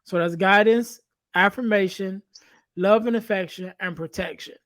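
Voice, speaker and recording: A man hosting a podcast, asking measured questions and listing points in order. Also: high-pitched, fairly bright tone. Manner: measured, lists points and checks in with "right?". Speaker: podcast host. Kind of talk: interview questions.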